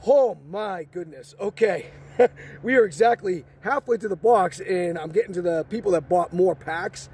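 An excited man hosting a card-opening video, exclaiming and joking in slangy chat, so thrilled he says he is shaking. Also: high-pitched, normal speed, slightly rough. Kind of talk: excited box-opening vlog.

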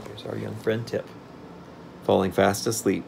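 Low-voiced man reading a storybook aloud. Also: little pitch movement, a little slow, gravelly, noisy background. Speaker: storybook reader. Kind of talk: reading a children's book aloud.

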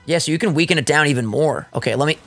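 A young man co-hosting a let's play, excitable and teasing in casual gaming banter. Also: fairly high pitch, quick pace, vocal fry, slightly rough, faint music behind.

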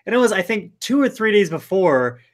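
A man's voice: sits high, very animated, fairly quick. A man telling a story about his early days starting out as a performer.

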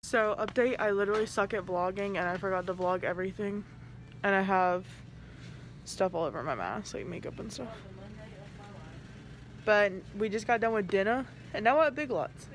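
With a medium-pitched voice and a bit of background noise, a woman in her twenties speaking with a Southern US accent vlogs to camera. She chats casually and fills each pause with "like."

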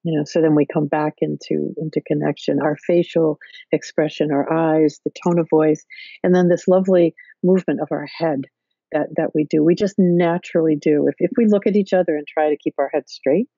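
A woman explains ideas to a podcast host, her voice gravelly and husky with a mellow, dark tone. She builds each point step by step, with plenty of fillers and restarts. The call audio is dull and lo-fi, and very dry. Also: low-pitched, fairly even intonation, a little fast, no room sound. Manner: thoughtful, explains in careful steps with many fillers. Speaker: podcast guest, therapist. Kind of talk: explanatory interview talk. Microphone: video call.

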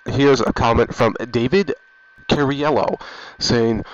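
A man with a mid-range voice speaks slowly as he vlogs about gaming and goes through viewer comments. Getting sick and using a headset mic, he rambles offhandedly and keeps restarting, and the headset audio sounds dull and lo-fi.

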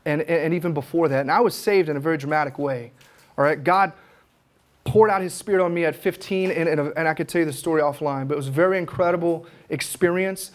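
A man's voice: on the high side, fast. A man, an evangelist teaching at a conference, telling his stories with fervor. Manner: fervent storytelling, acts out his own prayers.

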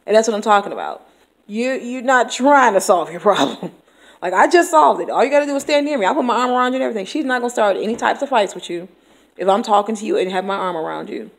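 A woman's voice: a little high, expressive, quick pace, creaky. Exasperated woman teacher venting. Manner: exasperated, venting, frequent laughs, blunt with cursing. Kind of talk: candid vlog rant.

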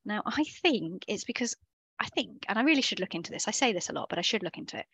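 A woman's voice: medium pitch, very animated, quick pace, creaky, fairly bright tone, breathy edge, no room sound. A woman leading a live online coding workshop over a video call, explaining things in a chatty way and often correcting herself as she goes. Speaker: workshop instructor.

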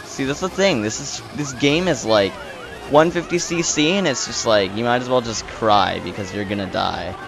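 A young man giving excited, swearing live commentary while playing a racing game, groaning and shouting at rivals. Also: medium pitch, moderate pace, gravelly, crowd noise, noisy background. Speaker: let's play gamer.

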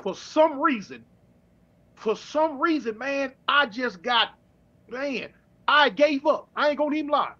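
A middle-aged man from California telling his story in casual street slang, with halting restarts, over a dull remote call. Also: very high-pitched, expressive, pushed and bright. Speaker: guest.

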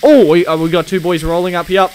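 A man giving excitable gameplay commentary with police role-play, shouting commands and laughing often. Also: sits high, quick pace. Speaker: gaming video host.

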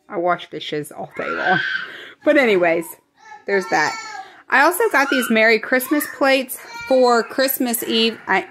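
A young woman vlogging from home, originally from the American Midwest, whispers a rambling grocery haul chat and often corrects herself. Her pitch is medium, and background noise can be heard.

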